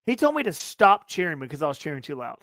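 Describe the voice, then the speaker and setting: A young man co-hosting a casual sports podcast, ranting loudly and profanely with a lot of repetition. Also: fairly high pitch, very animated, fast talker, no room sound. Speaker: podcast co-host.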